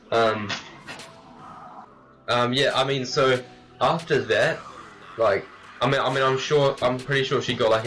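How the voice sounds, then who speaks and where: A man's voice: on the low side, fairly bright tone. A teenage man casually telling a story as a vlogger, rambling with lots of "like" fillers. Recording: distant mic with faint music.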